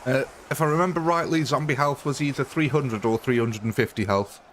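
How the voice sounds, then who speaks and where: A man's voice: mid-range voice, fairly quick, slight background noise. Chatty British man streaming a game. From Britain. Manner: chatty, self-mocking, laughs often. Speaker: gaming streamer. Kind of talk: casual live-stream commentary.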